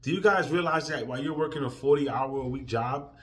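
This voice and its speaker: A man ranting emotionally in a profane vlog, drifting from quiet, weary talk to loud, heated outbursts. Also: medium pitch, brisk. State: emotional, near tears. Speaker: vlogger.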